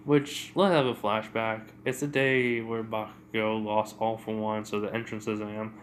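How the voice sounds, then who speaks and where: A man's voice: on the low side, little pitch movement, normal speed, a little hiss or hum. A man casually retelling a fan-made story in a rambling way, full of fillers.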